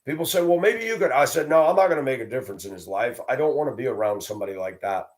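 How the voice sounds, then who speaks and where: A man's voice: medium pitch, animated, racing. A man hosting his own video, delivering a blunt, combative, profane rant and mocking others in a raised voice. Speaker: video host. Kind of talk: ranting monologue.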